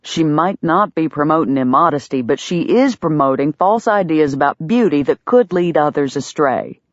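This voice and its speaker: A woman reading an audiobook, voicing a gruff, stern young livery owner with a clipped manner. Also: low-pitched, lively intonation, moderate pace, no echo. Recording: dull, dry lo-fi sound.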